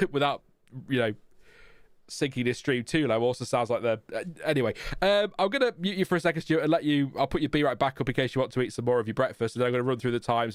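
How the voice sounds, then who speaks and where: A man's voice: medium pitch, clean tone, dry recording, studio quality. A man hosting a live motorsport watchalong stream, chatting casually and then reeling off lap times. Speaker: livestream host.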